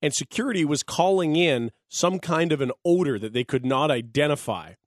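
A man's voice: on the high side, expressive, moderate pace, dry recording, clean studio sound. Wry male radio co-host. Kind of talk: casual anecdote on radio. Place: radio studio.

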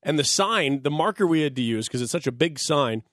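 A man's voice: fairly high pitch, lively intonation, fairly quick, a bit bright, dry recording, studio quality. A man co-hosting a radio show, telling an anecdote in a wry, matter-of-fact way. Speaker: radio co-host. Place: radio studio.

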